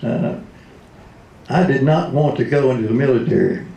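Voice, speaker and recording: A retired radio DJ in his seventies, speaking at a convention, tells comic stories in a hall that sounds roomy. His medium-pitched voice is creaky and dark in tone, at a normal pace. He laughs often and slips into different voices.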